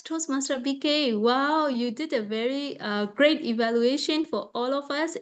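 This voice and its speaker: A woman hosts a speaking club meeting, thanking the last speaker warmly and calling up the next. Her voice sits high and bright. She sounds cheerful and effusive. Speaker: meeting host.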